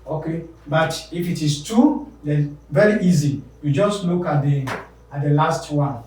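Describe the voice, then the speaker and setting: A man teaching an English pronunciation lesson, repeating example words slowly and with emphasis. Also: on the high side, a little mellow, slight background noise. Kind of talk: classroom lesson on word stress. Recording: very echoey room, voice from a distance.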